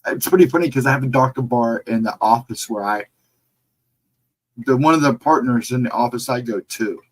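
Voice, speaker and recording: A middle-aged man talks to viewers on a casual livestream, reading the chat as it scrolls by and answering each one. His tone is relaxed and reassuring. His voice sits at an ordinary pitch with a husky edge. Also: normal speed, low-quality recording. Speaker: livestream host.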